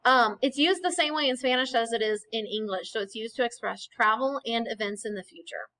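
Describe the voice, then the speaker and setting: Woman teacher, kinda high voice, patient explaining, keeps saying okay?. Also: fairly quick, bright, forceful tone, poor audio. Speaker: Spanish teacher. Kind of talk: recorded classroom lecture over slides.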